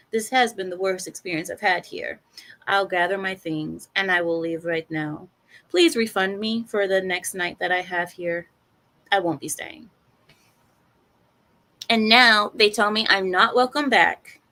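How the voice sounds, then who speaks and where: A young adult woman telling a personal story in an animated monologue, acting out the other people's lines in quoted voices. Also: medium pitch, measured pace.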